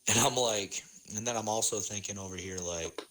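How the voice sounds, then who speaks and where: A man's voice: lowish voice, normal speed, noisy background. A young man with a Midwestern American accent, co-hosting a podcast in casual, rambling chat and laughing often. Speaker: podcast co-host.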